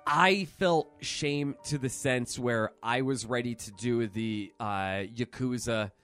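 A man's voice: medium pitch, slow, fairly bright tone, smooth. A man co-hosting a podcast, chatting casually and poking fun at himself, with piano playing behind. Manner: self-mocking, laughing. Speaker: podcast co-host. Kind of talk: casual banter. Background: piano music.

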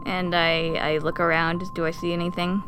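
A woman playing a tabletop game, eager and quick in her replies. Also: lowish voice, little pitch movement, music in the background. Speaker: player. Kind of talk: casual tabletop play.

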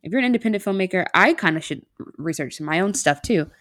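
A woman's voice: fairly low pitch, lively intonation, quick pace, fairly bright tone. A woman chatting as a podcast guest, casual and unprepared, talking in rambling runs with restarts.

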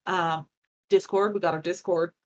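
A woman co-hosting a podcast, joking around in an animated, exasperated casual chat. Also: fairly low pitch, normal speed, muffled recording. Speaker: podcast co-host.

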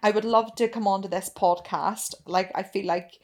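A woman's voice: medium pitch, fairly even intonation, moderate pace, a little mellow. Candid woman podcast co-host. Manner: candid, chatty, swears freely. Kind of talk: frank casual podcast chat.

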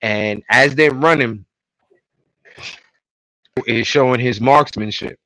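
A man co-hosting a casual podcast, retelling TV episode scenes in an animated way and acting out the lines. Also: mid-range voice, slow, dry recording, rough recording. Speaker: podcast co-host. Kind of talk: casual recap chat.

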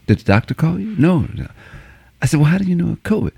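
Man, gravelly, very lively delivery, plays out both sides of a conversation. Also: on the high side, fast, no room sound. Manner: animated, acts out both sides of a phone call with big voice swings. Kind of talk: casual storytelling chat.

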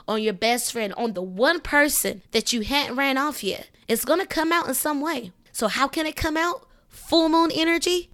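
A woman's voice: high voice, a bit bright. A woman hosting an astrology podcast, talking in a casual, emphatic way, piling up rhetorical questions and checking in with "okay". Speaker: podcast host.

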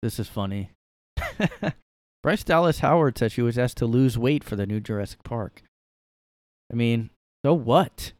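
A man's voice: medium pitch, lively intonation, moderate pace, dry recording. A man hosting a casual solo podcast from his room, ranting sarcastically and rambling through his opinions. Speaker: podcast host.

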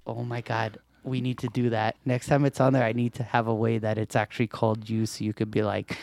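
A man's voice: mid-range voice, flat delivery, brisk, vocal fry, darkish tone. A middle-aged man co-hosting a podcast in casual chat, telling stories animatedly and laughing often. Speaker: podcast co-host.

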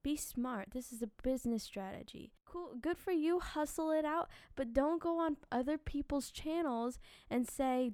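A woman hosting a casual podcast, chatty and animated, giving singing advice with a slightly dry voice from little sleep. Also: high-pitched, smooth, no echo. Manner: animated, chatty, quick asides and filler words. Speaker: podcast host and singing teacher.

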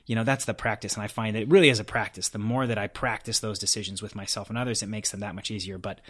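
A man's voice: on the low side, steady tone, quick pace, fairly bright tone. A man as an interview guest, talking in an earnest, reflective way and telling stories about himself with some self-deprecating humor. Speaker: podcast guest. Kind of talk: conversational interview.

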